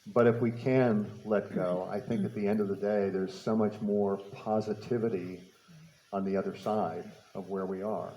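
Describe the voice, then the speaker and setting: A man's voice: on the low side, fairly even intonation, normal speed, warm tone, reverberant, poor audio. A man giving a public talk, telling a personal story with repeated words and light laughter. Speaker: speaker. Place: talk venue.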